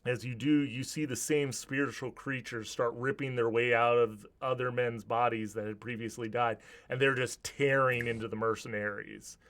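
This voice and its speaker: A man's voice: mid-range voice, fairly even intonation, moderate pace, few pauses, a bit bright. A man narrating a tabletop game as game master, describing scenes vividly with some restarts.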